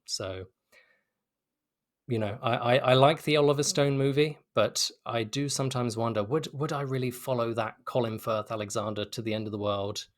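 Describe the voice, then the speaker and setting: A man's voice: mid-range voice, fairly even intonation, moderate pace. A British man, a game developer, answering interview questions in an enthusiastic, articulate way with frequent restarts. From Britain.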